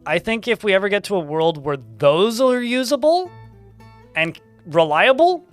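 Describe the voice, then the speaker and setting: A man giving casual, chatty commentary while playing a game, laughing often and swearing offhand. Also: a little high.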